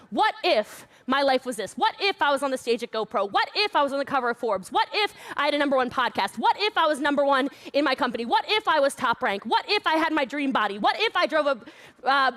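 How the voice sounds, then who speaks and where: A loud, brash woman giving a playful, high-energy motivational talk at an online event. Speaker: motivational speaker.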